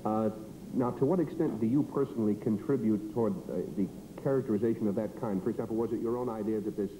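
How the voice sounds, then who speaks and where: Man, interviewer, mellow dark voice, quick speech, echoey room. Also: on the low side, a little hiss or hum. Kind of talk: interview questions.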